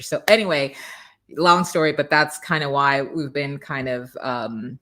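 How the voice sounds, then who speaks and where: A woman hosting a live motivational morning show, coaching viewers and greeting them by name in an energetic, preachy way. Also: rumbling low, moderate pace. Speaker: host.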